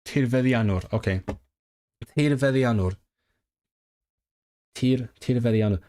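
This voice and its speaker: A man on a casual livestream study session thinks aloud while learning a language, sounding out and repeating new words. His medium-pitched, darkish voice is a little slow, and he pauses often.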